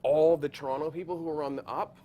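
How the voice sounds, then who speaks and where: A man in his forties, a photographer, telling stories as a podcast guest, acting out quotes with big jumps in pitch and frequent laughs. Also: fairly even intonation, fast, warm tone. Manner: acts out quoted voices, jumps high in pitch, laughs often, many filler likes. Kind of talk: animated storytelling in a podcast interview. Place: podcast studio.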